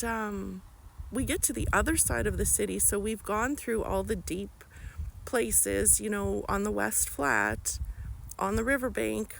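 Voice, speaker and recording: A woman's voice: fairly high pitch, creaky, a little hiss or hum, poor audio. A woman talking in an emotional personal vlog, angry and blunt, swearing often. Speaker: vlogger.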